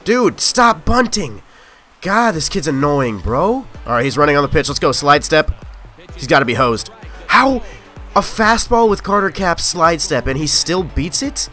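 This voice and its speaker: A young man giving live commentary on his own gameplay, excitable and quick to shout or grumble at the game. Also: a little high, soft background music. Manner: excitable, yelling at the game, frustrated outbursts. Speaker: gaming YouTuber.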